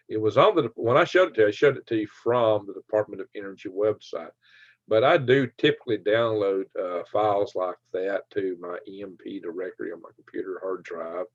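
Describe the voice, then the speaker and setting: A man with a Southern twang hosting a casual livestream, talking quickly, joking and laughing often as he reads viewer comments. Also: fairly low pitch, dry recording. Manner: fast talker, laughs often, jokey. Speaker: livestream host. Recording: dry, dull lo-fi stream audio.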